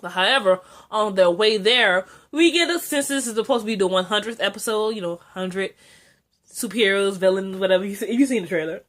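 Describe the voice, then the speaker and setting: Chatty, excitable young woman reviewing TV. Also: a little fast. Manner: chatty and excitable, frequent "like" and filler, jumps high when excited. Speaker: TV episode reviewer. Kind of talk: casual recap vlog.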